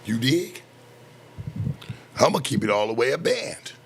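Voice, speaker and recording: Speaking a little slowly in a sing-song, medium-pitched voice, a thirty-something late night show host rants casually and defensively. It's a profane, boastful rant loaded with slang and swearing.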